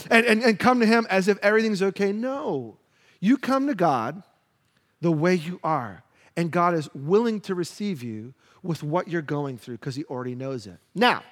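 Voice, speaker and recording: High-voiced male pastor preaching in a hall. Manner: earnest, building to fervent pleas when reading scripture. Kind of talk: sermon.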